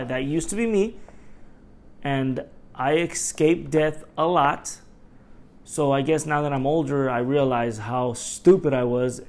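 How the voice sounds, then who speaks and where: A middle-aged man hosting a casual solo podcast, ranting in animated, profane stories and acting out what people said. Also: medium pitch. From Los Angeles area. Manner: animated, profane storytelling with acted-out quotes. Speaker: podcast host.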